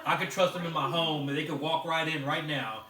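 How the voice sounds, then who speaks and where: A man's voice: fairly high pitch, steady tone, brisk, bright, forceful tone. A man in a casual podcast chat who gives motivational advice in a rambling way, with many fillers. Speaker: podcast guest. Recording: echoey room, mic far off, crowd behind.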